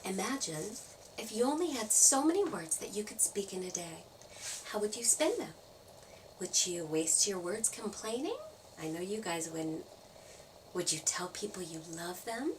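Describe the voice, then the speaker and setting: A woman storyteller reading a children's story aloud, playful and expressive. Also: medium pitch, normal speed, recorded from a distance, slight background noise, low-quality recording. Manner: expressive, playful sound effects.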